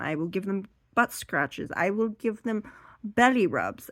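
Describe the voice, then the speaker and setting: A woman doing seated stand-up comedy, rambling and animated as she acts out her stories. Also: medium pitch, moderate pace, no room sound.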